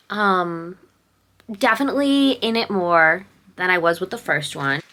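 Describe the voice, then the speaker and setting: A woman's voice: fairly low pitch, a little slow, pushed and bright. A young woman in her twenties filming a casual reading vlog at home, gushing about books and talking to her pet now and then. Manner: gushing, talks to her pet mid-sentence. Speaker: book vlogger. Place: at home indoors.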